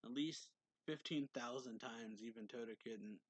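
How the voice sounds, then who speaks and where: A man's voice: mid-range voice, normal speed, dry recording, rough recording. A man giving a casual, rambling recap of a manga chapter, reading characters' lines with small lifts in his voice. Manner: retells scenes loosely, acting out characters' lines with slight lifts. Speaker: manga reviewer.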